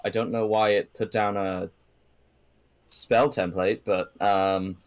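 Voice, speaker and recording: A man narrating as game master of a tabletop game, halting and full of ums and restarts. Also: lowish voice, flat delivery, no echo.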